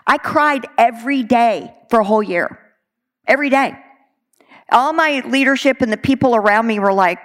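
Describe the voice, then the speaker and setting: A woman's voice: on the high side, moderate pace. A middle-aged woman from Texas, preaching a sermon in an earnest, conversational way with many fillers.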